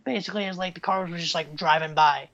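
A woman co-hosting a casual gaming news podcast, chatty and joking, often trailing off softly. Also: fairly low pitch, quick pace. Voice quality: gravelly vocal fry. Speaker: podcast co-host. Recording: dull lo-fi sound.

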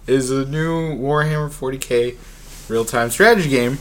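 A man's voice: medium pitch, unhurried, a bit bright. A man co-hosting a casual gaming podcast, chatty and easygoing as he describes games he saw. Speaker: podcast co-host.

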